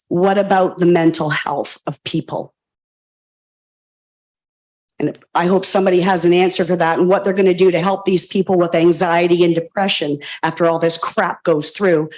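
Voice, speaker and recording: A woman's voice: lowish voice, steady tone, moderate pace, darkish tone. A woman resident giving an emotional, passionate comment at a public planning meeting, repeating pointed questions into a standing microphone.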